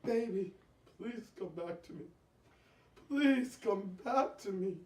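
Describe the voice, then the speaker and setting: A man's voice: high-pitched, lively intonation, takes it slowly, a little mellow, voice pushed down. A woman playing a stammering husband who begs his wife in a coma to come back to him. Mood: pleading. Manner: stammering and begging. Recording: echoey room from far off.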